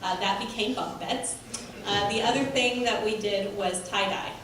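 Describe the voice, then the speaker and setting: A woman's voice: medium pitch, normal speed, crowd noise. A woman, a mission team member, explaining a project in a chatty, matter-of-fact way. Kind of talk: church presentation. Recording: echoey hall from far off.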